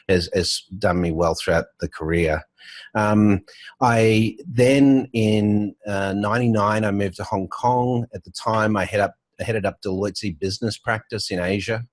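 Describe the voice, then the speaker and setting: A middle-aged man with a softened Australian accent, telling stories as an interview guest, full of fillers and restarts. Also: fairly low pitch, no echo. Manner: storytelling, with frequent fillers and restarts. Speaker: guest, banking entrepreneur. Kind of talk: casual conversational interview. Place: home office with artwork on the wall.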